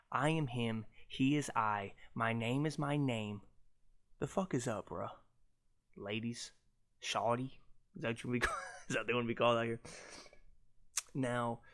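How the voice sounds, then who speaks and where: A young man hosting his own podcast on a cheap mic, ranting loudly and mockingly with lots of swearing. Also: mid-range voice. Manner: loud, mocking, profane ranting. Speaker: podcast host. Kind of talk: casual ranting monologue. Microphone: cheap USB podcast mic.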